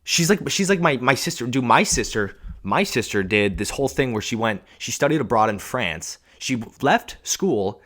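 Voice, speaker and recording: A young man from Washington state talking through a casual solo podcast monologue, rambling, halting and swearing freely, with "dude" in every other line. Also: medium pitch, animated, fairly bright tone. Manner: rambling and halting, many restarts. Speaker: podcast host.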